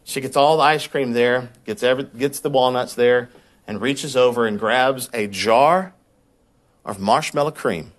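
A pastor with a mid-range voice preaches unhurriedly, telling a personal story in a conversational, animated way. When he gets worked up, he repeats words.

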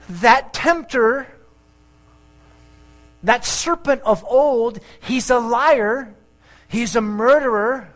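Lively, joking male preacher. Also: very high-pitched, poor audio. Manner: animated preaching with jokes and asides. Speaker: pastor. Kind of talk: sermon.

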